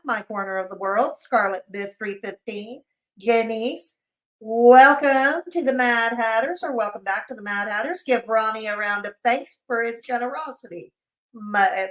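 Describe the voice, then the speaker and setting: Female stream host, slightly high, sarcastic and mocking, voice a little off. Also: moderate pace, a bit bright. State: voice feels off, sleepy. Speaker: livestream host. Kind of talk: casual livestream commentary.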